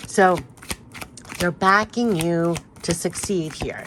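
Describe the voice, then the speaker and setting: A woman's voice: on the low side, slow, noisy background. A middle-aged woman doing a casual, rambling spiritual card reading, encouraging and full of "like". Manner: chatty, rambling, encouraging, says "like" often.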